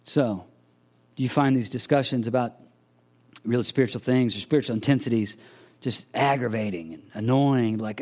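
A man's voice: medium pitch, normal speed, darkish tone. A man preaching a sermon, earnestly asking searching questions and acting out the voices of imagined listeners. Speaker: pastor.

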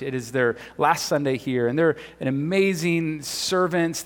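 A man preaching a sermon as pastor, earnest, his voice swinging between loud and hushed. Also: medium pitch. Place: church hall. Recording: long reverb of a church hall.

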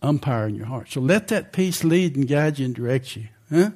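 A man's voice: mid-range voice, animated, normal speed, darkish tone. An older man preaching a sermon in a conversational way, often asking the congregation questions.

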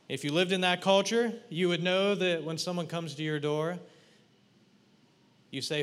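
A man delivers a lively sermon, walking his listeners through a scene they are asked to picture, teasing and questioning them as he goes. His voice sits a little high for a man, and it carries with a long reverb in a large hall. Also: moderate pace. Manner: animated, playful, addresses congregation directly. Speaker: preacher. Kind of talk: sermon with guided imagery.

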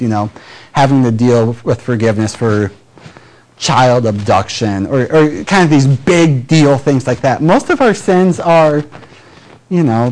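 Preaching in a conversational style, a Michigan pastor with a Midwestern accent acts out little everyday exchanges. His medium-pitched voice is a little mellow, and the audio is poor.

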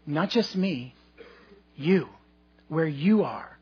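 A man preaches to his congregation in a relaxed, storytelling way, joking at his own expense between points. His voice sits high and a little husky. The recording sounds muffled and lo-fi. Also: extremely slow. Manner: conversational and humorous, with asides to the congregation. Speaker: pastor. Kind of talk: sermon with personal storytelling.

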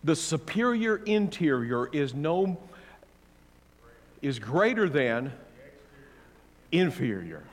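Male pastor, higher voice, sermon with long hall reverb; shifts from loud preaching to soft counsel. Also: big pitch swings, slow, long pauses. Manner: swings between loud preaching and quiet counsel; playful asides to the congregation.

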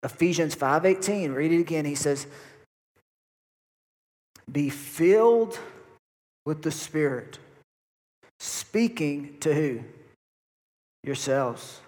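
A man's voice: on the high side, expressive, slow pace, long pauses, darkish tone. Male pastor preaching in a reverberant church. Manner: emphatic preaching with repetition. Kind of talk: sermon. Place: church sanctuary. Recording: long hall reverb.

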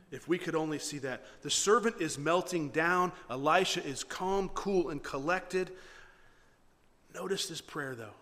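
A male pastor preaching a sermon with a fairly high voice, animated and dramatic as he retells the scripture. The sound carries a long reverb from a large hall.

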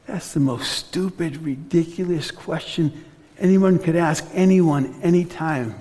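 A man preaching a sermon as pastor, earnest, slowing and softening on reflective passages. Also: fairly high pitch, in a large hall.

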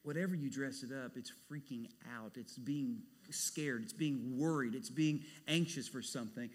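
A man preaching a sermon as pastor, animated, dropping to a hush and rising to loud bursts. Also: medium pitch, moderate pace, breathy edge. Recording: long hall reverb.

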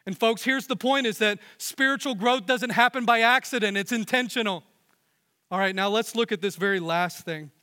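Young male pastor, high bright voice, earnest sermon delivery, reverberant sanctuary. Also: moderate pace, smooth. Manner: earnest preaching, rising and dropping to hushed emphasis. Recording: long hall reverb.

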